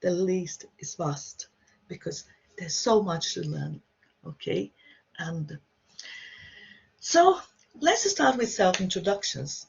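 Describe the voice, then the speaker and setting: Teaching Portuguese to beginners by video call, a woman talks through each point chattily and keeps asking "okay?" to check on her learners. Her husky, slightly gravelly voice is fairly low and sing-song, slow, with frequent pauses. The online class audio sounds dull and lo-fi.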